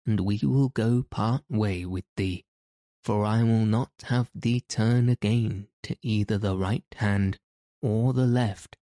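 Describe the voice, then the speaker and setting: A man's voice: lowish voice, warm tone, no room sound, studio quality. A man reading the part of a merry, laughing outlaw leader in an old-fashioned storybook. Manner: cheerful, laughing, archaic speech. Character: Robin Hood, merry bold male outlaw leader. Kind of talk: audiobook character reading.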